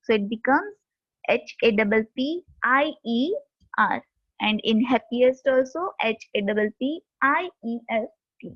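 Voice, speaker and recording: A woman with a high voice teaches a grammar lesson, explaining step by step and spelling words out letter by letter. The recording is dry and dull, like lo-fi audio. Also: expressive, a little slow, a bit bright, no echo.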